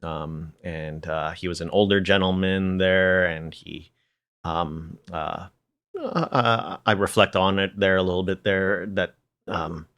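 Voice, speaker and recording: A middle-aged man from the Philadelphia area, a piano educator, reminiscing as a podcast guest with many fillers and soft chuckles. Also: low-pitched, fairly even intonation, takes it slowly. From Philadelphia area, United States. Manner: rambling, many fillers, tags sentences with "there"; chuckles through his stories. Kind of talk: casual reminiscing conversation.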